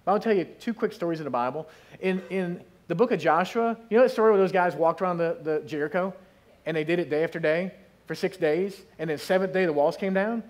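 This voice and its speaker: A man preaching a sermon as pastor in a church, telling lively stories and acting out voices in quotes. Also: high-pitched. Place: church sanctuary.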